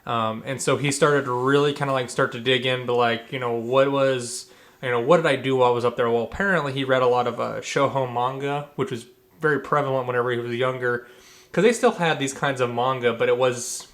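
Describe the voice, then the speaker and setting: A man's voice: mid-range voice, steady tone, fast, a bit bright. Rambling man chatting on a podcast. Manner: rambling, many fillers and restarts. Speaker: podcast co-host. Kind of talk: casual chat.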